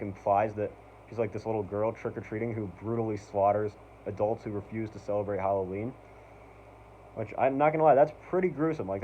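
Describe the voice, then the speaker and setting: A man's voice: fairly low pitch, mellow, a little hiss or hum. A man hosting a casual review vlog, rambling with lots of "like" and "um" as an eager fan. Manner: rambling, full of "like", "um" and "basically"; enthusiastic fan. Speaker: channel host. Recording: dull lo-fi recording.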